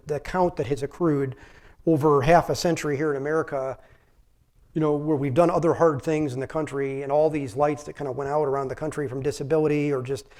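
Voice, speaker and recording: A man's voice: a little high, a little mellow. A middle-aged male physician giving an informal public lecture in a conversational, rambling way, with frequent restarts. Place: public library talk.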